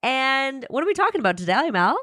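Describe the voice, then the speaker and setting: Lively playful woman podcast host. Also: sits high, brisk, no room sound, clean studio sound. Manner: playful and crude, swears freely. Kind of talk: casual podcast chat.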